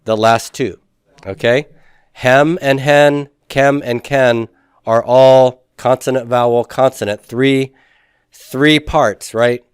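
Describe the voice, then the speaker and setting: A man's voice: medium pitch, steady tone, slow pace, smooth, no room sound, clean studio sound. A man teaching a Hebrew grammar class, patiently asking students questions and confirming their answers.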